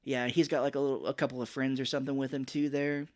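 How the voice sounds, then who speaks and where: Casting: man, podcast co-host, chatty movie recap, mid-range voice, breaks into shrill character bits. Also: fast talker. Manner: animated retelling, jumps into high-pitched voices for characters. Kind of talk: casual movie recap chat.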